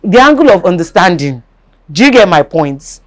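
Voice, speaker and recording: A woman hosting a casual chat, agreeable and quick to interject. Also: lowish voice, sing-song. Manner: agreeable, hums along and chuckles, interjects. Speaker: host.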